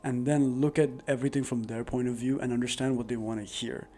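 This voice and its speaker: A man's voice: mid-range voice, steady tone, fast, mellow. A man giving earnest, rambling relationship advice straight to camera, full of "like" fillers. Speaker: advice vlogger. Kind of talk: casual advice monologue to camera. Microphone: new dedicated microphone.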